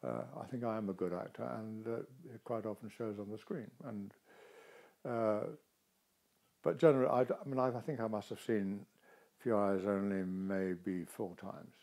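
An older male actor tells stories with animated expression in a casual interview, his voice on the low side and his pace normal.

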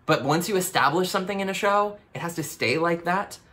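A young Canadian man with a Canadian accent, reacting to his old TV show in animated, self-mocking casual commentary. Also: high-pitched, a little fast.

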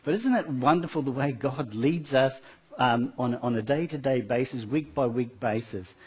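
A man's voice: medium pitch, normal speed, husky. A middle-aged man in a church giving an earnest, rambling personal testimony with many fillers, then leading a prayer.

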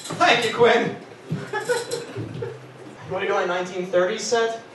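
A man's voice: sits high, sing-song, slow pace, noisy background. A man doing a brash stand-up set, swearing and acting out his relatives. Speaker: stand-up comedian guest. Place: live venue with audience. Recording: echoey room, mic at a distance.

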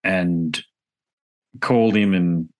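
A man's voice: deep voice, slow pace. A man with an Australian accent, a podcast host chatting casually, rambling and candid, often correcting himself mid-sentence. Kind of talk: casual conversation.

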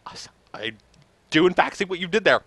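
A man's voice: high voice, animated, a little fast, fairly bright tone, slightly rough, dry recording. A man rambling sarcastically and joking while commenting on his gameplay. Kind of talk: let's play commentary.

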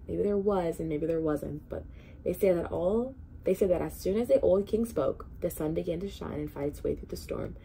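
A woman's voice: on the low side, normal speed, vocal fry, a little hiss or hum. A woman reading a children's storybook aloud expressively as a volunteer reader. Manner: expressive, animated read-aloud.

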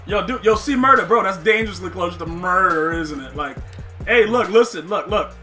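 A man giving casual, slangy live commentary on a football video game, excitable, laughing often and talking to his chat. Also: high-pitched, moderate pace, faint music behind. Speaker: gaming streamer.

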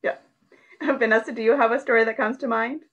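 A woman hosting a casual online Q&A with theatre guests, speaking in a measured, steady way. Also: a little high, muffled recording. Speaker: host, moderator.

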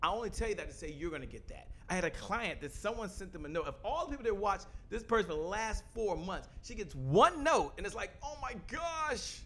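A man hosting an online show, loudly and quickly pitching his offer to the camera and repeating phrases for emphasis, from a home studio. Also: animated. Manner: loud, fast-talking, emphatic, repeats phrases. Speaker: host. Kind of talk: energetic sales pitch to camera. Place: home studio with a photo wall backdrop.

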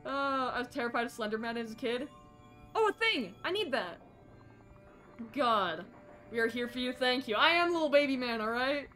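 A young woman streamer with a bright, slightly high voice gives jittery, self-mocking commentary on a game as she chats with her viewers. Faint music plays in the background. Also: moderate pace. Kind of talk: casual live gameplay commentary.

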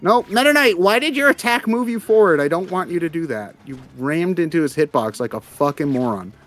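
A man's voice: fairly high pitch, expressive, brisk, fairly bright tone, soft background music. A man speedrunning on a live stream, complaining sarcastically about his game and swearing. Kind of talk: casual live-stream banter.

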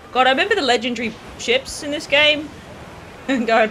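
A gaming streamer giving casual let's-play commentary, chatty, swearing, and full of quick asides. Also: sits high, pushed and bright. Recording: noisy game audio behind voice.

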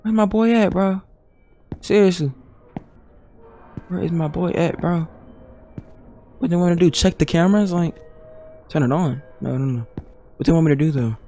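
A man's voice: on the high side, normal speed, gravelly, pauses often, mellow, faint music behind. A young man streaming a horror game, talking to himself and his chat in nervous, slangy bursts. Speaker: gaming streamer.

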